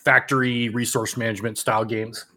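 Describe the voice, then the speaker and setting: A man's voice: medium pitch, flat delivery, a little fast, pushed and bright. Laid-back man hosting a podcast. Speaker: podcast co-host. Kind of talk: casual podcast chat.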